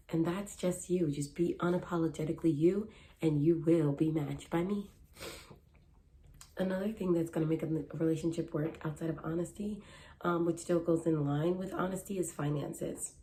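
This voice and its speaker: Deep and warm, this young woman's voice carries her casual advice vlog as a matchmaker; she talks earnestly and conversationally, going back over her key points.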